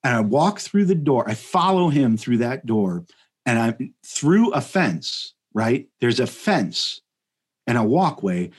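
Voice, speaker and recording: Podcast guest: a man with a husky voice, mid-range pitch, animated and rambling, full of "like" and "you know". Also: slow. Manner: animated, rambling, laughs mid-sentence, many fillers. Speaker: podcast guest telling a story. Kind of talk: casual comedic storytelling.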